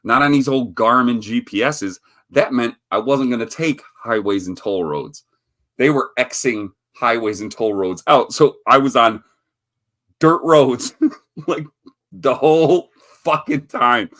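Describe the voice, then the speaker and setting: A Chicago-area man hosts a casual livestream, speaking at a measured pace in a medium-pitched, fairly bright voice. He tells a rambling, profane story that he often interrupts with laughter.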